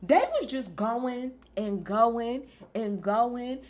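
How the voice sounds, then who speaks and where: A woman talks straight to her viewers in a casual review, and her voice sits a little on the high side. She is emphatic and animated, drops swear words freely, and keeps her delivery loose and conversational. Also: drawn-out words. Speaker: wrestling show reviewer. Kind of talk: casual recap vlog.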